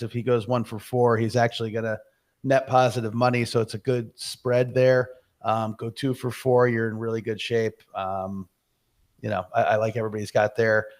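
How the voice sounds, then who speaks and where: A man co-hosting a casual sports podcast, talking through golf bets in a relaxed, chatty way. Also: medium pitch. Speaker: podcast co-host. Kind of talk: casual sports betting chat.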